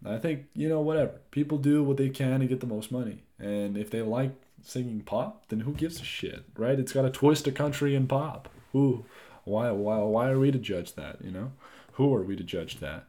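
Rambling, cursing young podcast host. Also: male voice, mid-range voice, normal speed. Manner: rambling, profane, animated asides. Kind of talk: casual solo podcast chat.

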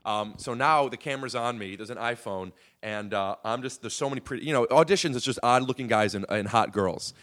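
A man's voice: medium pitch, brisk, hardly any pauses, a bit bright. A man guesting on a podcast, telling rambling, profane stories with lots of fillers. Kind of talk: casual storytelling.

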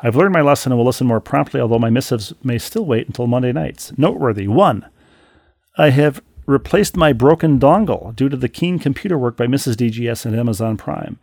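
Man, podcast co-host, gravelly, dry close mic, wry, animated, stop-start storytelling. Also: mid-range voice, brisk, dry recording. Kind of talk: casual podcast chat, reading listener mail aloud.

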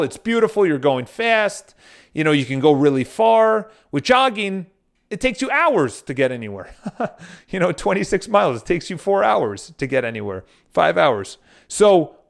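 Higher-voiced man giving motivational talk. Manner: storytelling with frequent restarts and casual swearing; addresses viewers directly. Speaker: motivational speaker. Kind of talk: casual motivational monologue.

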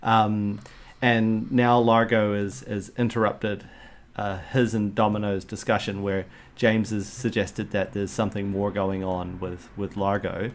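A fairly low-voiced man talks through a film in relaxed podcast chat. He gets animated, swears freely and throws in quick quoted lines. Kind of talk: casual chat.

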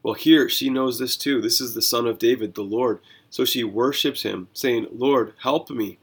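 A man hosting a Bible reading podcast as a pastor, talking through scripture in a conversational, animated way with rhetorical questions. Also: mid-range voice, moderate pace, husky.

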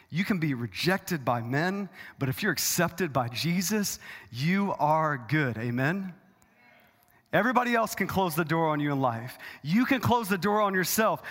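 A male pastor delivers an impassioned sermon in a church auditorium, his fairly high voice climbing for emphasis. The long reverb of the hall trails after each phrase. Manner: dramatic preacher, swings loud and high for emphasis.

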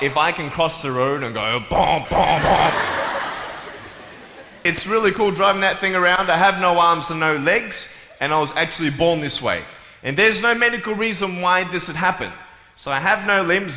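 A man's voice: on the high side, a little hiss or hum. A young man giving a humorous speech to a live audience, telling stories in a playful, joking way. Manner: playful, joking, lively storytelling. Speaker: motivational speaker. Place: large hall with a live audience. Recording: echoey hall with faint ambience.

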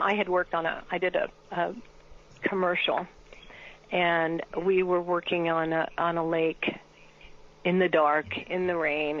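A woman's voice: fairly low pitch, gravelly. An older woman, an actress, telling a rambling anecdote with restarts and laughs in an interview. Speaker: actress guest. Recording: dull lo-fi audio.

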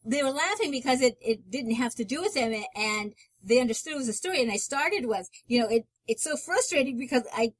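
A woman co-hosting a relationship advice talk, explaining things in a thoughtful, measured way. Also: a little high, expressive, slightly rough, no echo. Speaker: relationship counselor co-host. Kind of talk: casual advice chat.

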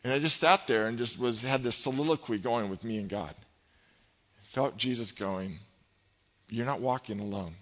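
A middle-aged male pastor delivers a fervent sermon in a church sanctuary. His voice climbs for the scripture quotes and sinks low and soft for his personal stories. The sound is dull and lo-fi, with a long reverb trailing through the hall. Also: normal speed.

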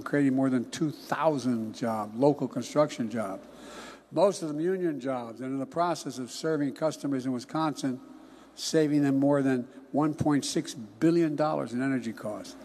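An older man giving a political speech in a folksy, emphatic way, often dropping into hushed asides. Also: mid-range voice, moderate pace, slight background noise. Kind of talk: political campaign-style speech.

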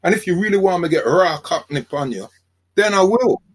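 An older man with a South London accent, a sociologist guest on a podcast, telling lively stories and acting out quoted dialogue. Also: high voice, a little fast, slightly rough. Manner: animated storyteller, acts out quoted dialogue. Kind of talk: conversational podcast interview.

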